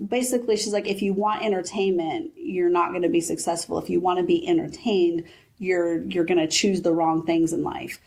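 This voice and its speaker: A woman in her forties, a business founder, chatting in an interview and retelling advice in lively quoted voices. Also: on the low side, normal speed, creaky. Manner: animated storyteller, quotes her mother. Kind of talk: casual interview chat.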